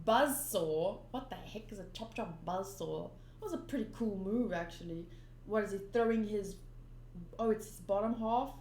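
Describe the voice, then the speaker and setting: Chatting loosely through a manga, a young channel host fills her reading with ums and giggly side comments. Her medium-pitched voice has a darkish tone and a moderate pace, and the recording sounds echoey, like a large room.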